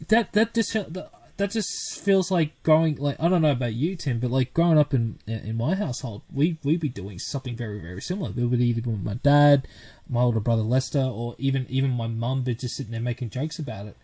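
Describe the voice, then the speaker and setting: A man co-hosting a podcast, chatting in a relaxed way with hesitant restarts. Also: medium pitch, fairly quick. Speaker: podcast co-host. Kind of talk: casual chat. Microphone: podcast microphone.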